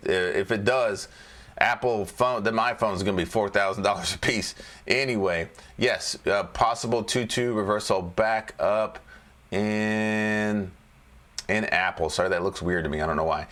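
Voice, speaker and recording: A man's voice: lowish voice, normal speed, fairly bright tone. A man casually walking through stock charts as a trading educator, joking and repeating phrases as he goes.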